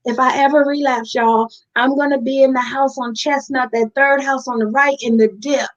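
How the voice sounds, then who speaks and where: A woman in recovery speaks as an interview guest, earnest and heartfelt, calling listeners "y'all" in candid interview talk. Her voice sits high with a steady tone at a moderate pace. The highs are cut off in the recording.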